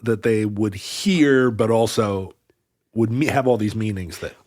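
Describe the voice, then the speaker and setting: A man's voice: on the low side, a little slow, darkish tone, no echo, clean studio sound. A man co-hosting a podcast, chatting casually and dropping wry jokes. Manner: wry, jokey interjections. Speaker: podcast co-host. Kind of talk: casual chat.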